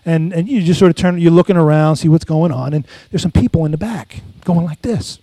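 A middle-aged pastor preaches in a high, light man's voice, pausing to draw amens from the congregation. The sound is close and dry, with no room echo. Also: warm tone. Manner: call-and-response preaching, asks congregation for amens. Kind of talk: sermon with personal stories.

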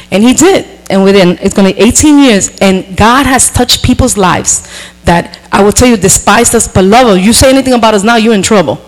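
A middle-aged woman pastor preaching a sermon, animated and emphatic, with frank asides to the congregation. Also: medium pitch, brisk, rough recording.

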